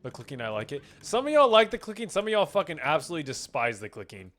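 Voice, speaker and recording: Bright-voiced young male streamer, profane. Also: fairly high pitch, sing-song, quick pace. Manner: profane, rambling, reading chat aloud. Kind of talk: casual livestream chat.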